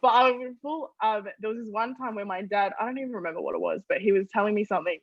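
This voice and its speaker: A young woman from Australia tells family stories as a podcast guest, animated and quick to laugh. The sound is a little dull and lo-fi. The room is very dry. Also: medium pitch, no room sound. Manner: animated, laughs often while telling stories. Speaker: interview guest. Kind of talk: casual storytelling interview.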